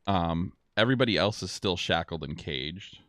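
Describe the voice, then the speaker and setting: A man's voice: low voice, expressive, moderate pace, fairly bright tone, dry recording, clean studio sound. A man running a tabletop game as game master, laid-back and laughing often.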